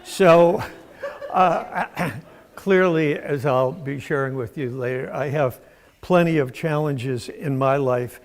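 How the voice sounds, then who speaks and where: An older man from Massachusetts giving a sermon in a church, telling stories in a folksy, unhurried way with fillers. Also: medium pitch. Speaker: preacher. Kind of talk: sermon with storytelling. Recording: long church reverb.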